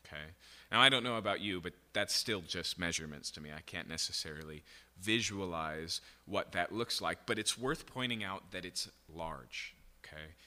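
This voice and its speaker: A man with a lowish, very bright and forceful voice gives a sermon-style Bible teaching. He explains patiently and keeps checking in with his listeners. His voice rings with a long reverb, as in a large hall. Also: moderate pace. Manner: explanatory, checks in with repeated "okay?".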